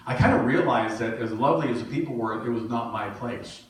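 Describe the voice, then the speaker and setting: A man's voice: medium pitch, a little fast, a little hiss or hum. A middle-aged male minister giving a sermon in a conversational, storytelling way with self-deprecating humor. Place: church sanctuary. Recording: echoey hall from far off.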